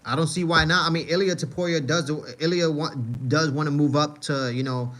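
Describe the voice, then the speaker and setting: A man's voice: a little high, steady tone, fairly quick, fairly bright tone. A man from Manhattan with a New York accent, hosting a casual livestream and answering chat. He rambles, repeats phrases and keeps saying "you know what I mean.". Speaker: livestream host reading chat.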